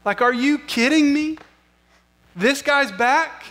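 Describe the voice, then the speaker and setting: A man's voice: extremely high pitch, slow, sharp tone, pitched above the performer's own voice, heavily acted. A man voicing a resentful older brother who exasperatedly demands to know why his wayward sibling gets a party. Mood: indignant. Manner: exasperated, rising rhetorical questions. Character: resentful older brother, indignant grown son.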